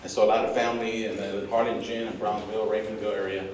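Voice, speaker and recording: Speaking quickly in a fairly low voice, this bullying prevention speaker, born in the United States to Mexican parents, shares lively stories in a motivational school talk and impersonates his mother. The audience sits in a big, echoey room, and the distant mic catches audible noise.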